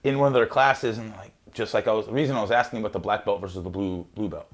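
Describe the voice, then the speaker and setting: A man hosting a podcast in casual chat, an animated storyteller who acts out quotes, swears freely and laughs often. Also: on the low side, fast. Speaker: podcast host.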